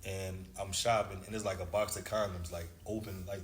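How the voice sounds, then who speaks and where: A man's voice: low-pitched, steady tone, a little fast. A man in his thirties, a former basketball player, telling a long story in a casual, slangy way and acting out the dialogue. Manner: laid-back slangy storyteller, acts out dialogue. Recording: echoey room with faint background noise.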